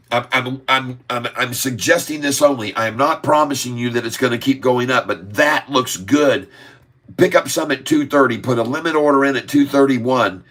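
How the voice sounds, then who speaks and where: A man hosting a live stock-market stream, excitedly calling price moves, drawing out sing-song chart calls and repeatedly addressing viewers as folks. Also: mid-range voice. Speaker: stock market channel host.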